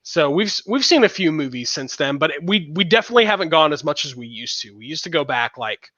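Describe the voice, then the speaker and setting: A man's voice: a little high, lively intonation, fast talker, bright, forceful tone, no echo, lo-fi sound. A man co-hosting a podcast in casual chat, rambling with fillers and restarts. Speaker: podcast co-host.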